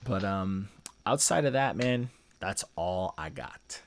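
A man with a very low voice talks through a music review in casual, slangy chat. His speech wanders and leans on fillers as he makes his point. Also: animated, slow, slight background noise. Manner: loose slangy talk, heavy on fillers. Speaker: podcast host.

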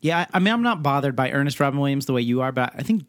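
Wry man with a lively, dry-sounding voice. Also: medium pitch, very fast, dry recording. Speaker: podcast co-host. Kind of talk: casual movie commentary. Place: home.

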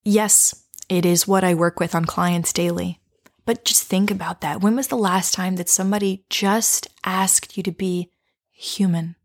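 Speaking softly and slowly in a lowish, steady voice, a female coach recounts something from her own life and invites listeners to reflect, frequently lowering to a whisper.

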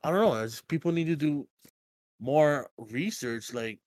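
A man's voice: a little high, expressive, unhurried, darkish tone, no room sound, clean studio sound. A man co-hosting a casual podcast, rambling with lots of filler words and swearing freely over a voice call. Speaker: podcast co-host. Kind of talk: casual chat. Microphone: computer mic on a voice call.

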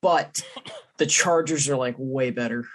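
A man co-hosting a casual sports chat, hesitant and halting when he speaks. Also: mid-range voice. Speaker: co-host.

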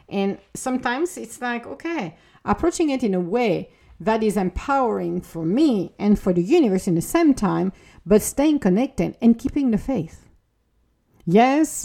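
A woman's voice: mid-range voice, dark tone. A woman hosting a motivational podcast, talking earnestly and acting out her own inner dialogues. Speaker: podcast host.

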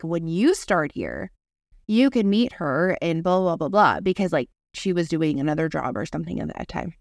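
A woman co-hosting a casual podcast, telling a story in an animated way, swearing freely and acting out quoted voices. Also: medium pitch, no echo, studio quality. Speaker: podcast co-host.

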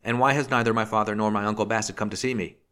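A man voicing a desperate, agitated imprisoned gentleman who talks in bitter, pleading outbursts. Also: lowish voice, brisk, lightly acted.

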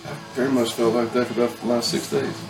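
A man's voice: medium pitch, little pitch movement, fast, creaky, distant mic. A man hosting a casual chat, telling a rambling, profane story with bursts of laughter. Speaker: podcast host. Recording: echoey room, mic from afar, music behind.

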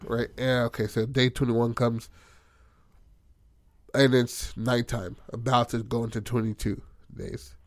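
A man in the middle of a loose, profane retelling of a game session, jumping into the characters' lines as he goes. His pitch sits at an ordinary middle height. The sound is dry and close, with no room echo. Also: level tone, a little slow. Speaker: storyteller recounting a tabletop game. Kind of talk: casual storytelling chat.

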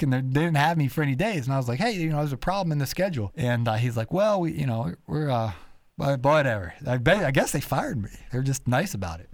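A man spins rambling podcast stories, his pitch bouncing all over as he acts out the people in them. His voice sits a touch high for a man, and the recording is dry and close. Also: dry recording. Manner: rambling, animated anecdotes with quoted voices. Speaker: podcast host. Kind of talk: casual storytelling chat.

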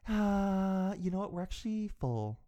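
Man doing a nervous receptionist, high, soft, halting. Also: sing-song. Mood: apologetic. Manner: hesitant, halting, soft-spoken. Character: apologetic, flustered animal hospital receptionist.

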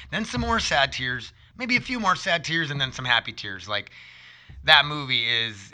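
A man in his thirties with a very bright, forward voice speaks in a loose, rambling monologue. He wanders off on tangents and swears casually as he goes. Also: medium pitch. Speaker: vlogger.

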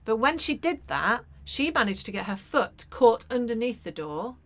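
Mum podcaster, bright voice, animated storytelling, swears a bit. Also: female voice, a little high, moderate pace. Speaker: podcast co-host. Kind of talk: casual chat.

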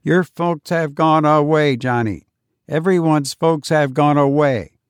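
A man voicing a calm, gentle household robot in a storybook reading. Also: on the high side, measured pace, clean tone, dry recording, studio quality, pitched above the performer's own voice, close to an everyday voice.

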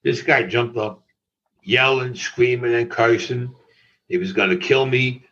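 A man's voice: mid-range voice, moderate pace, fairly bright tone. Older man, interview guest, matter-of-fact storytelling, dull lo-fi audio. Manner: matter-of-fact, acts out others' lines. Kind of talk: recounting a personal story.

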